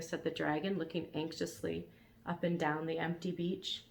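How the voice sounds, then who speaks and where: A woman reading a children's storybook aloud in a calm, even narrating voice. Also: on the low side, normal speed, vocal fry. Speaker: reader.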